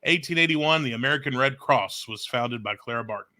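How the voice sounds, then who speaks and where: A man's voice: medium pitch, fairly quick, pushed and bright. A man co-hosting a casual talk show, reading out date facts with a joking manner. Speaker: radio morning show co-host.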